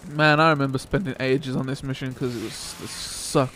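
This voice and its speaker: A man's voice: mid-range voice, fairly even intonation, moderate pace, a bit bright, slight background noise. A young man casually commentating a skateboarding game playthrough, joking, swearing and reacting as he plays. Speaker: gameplay commentator.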